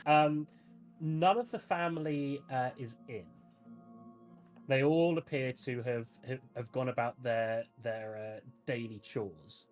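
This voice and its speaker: A woman narrating as game master of a tabletop game in an unhurried way, with hesitant fillers. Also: rumbling low, fairly even intonation, a little mellow, faint music behind.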